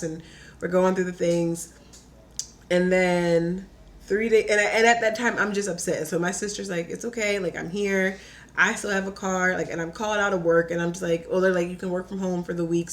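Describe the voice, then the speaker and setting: A young woman tells a story in easy, casual talk. Her voice sits a little low for a woman. She keeps it lively and fills it with "like", slipping into the voices of her own quotes. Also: normal speed. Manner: animated, says "like" a lot, acts out her own quotes. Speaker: podcast guest.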